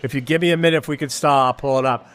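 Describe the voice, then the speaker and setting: An older retired detective from Rochester, New York, with a Western New York accent, rambling through a story at a live podcast taping in a neighborhood bar. He swears constantly, circles back and restarts his sentences, with a voice of middling pitch. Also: fairly even intonation, rapid-fire, a bit bright. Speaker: podcast host. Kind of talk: profane live podcast banter.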